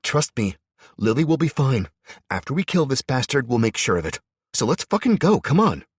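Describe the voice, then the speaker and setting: A man's voice: mid-range voice, expressive, normal speed, husky, no room sound, clean studio sound, pitched above the performer's own voice. A man reading aloud voices a tough, fierce woman fighter, urgent and pushy.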